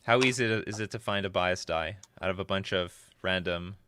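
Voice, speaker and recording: A man's voice: low-pitched, a little fast, heavy background noise. A man hosting a live stream, reading out viewer questions and chatting casually, often stopping and restarting his sentences. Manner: chatty, self-interrupting.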